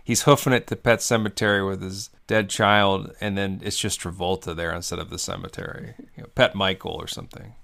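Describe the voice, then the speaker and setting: A man co-hosts a comedy podcast, rambling through made-up scenarios with deadpan asides. His voice sits a bit low but sounds bright and forward. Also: brisk, creaky, hardly any pauses. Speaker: podcast co-host. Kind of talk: comedic movie-riff chat.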